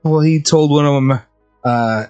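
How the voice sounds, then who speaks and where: A man's voice: fairly high pitch, a little slow, a little mellow, clean tone, muffled recording, soft background music. A laughing, foul-mouthed man chatting. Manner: crude, laughs a lot, tells anecdotes. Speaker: podcast co-host. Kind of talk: casual chat.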